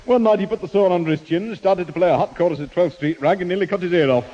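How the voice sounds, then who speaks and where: A man's voice: sits high, quick pace, natural voice. A man playing a boastful older ex-actor in a 1960s radio sitcom. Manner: hammy, theatrical. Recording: dull old radio broadcast, loud hiss.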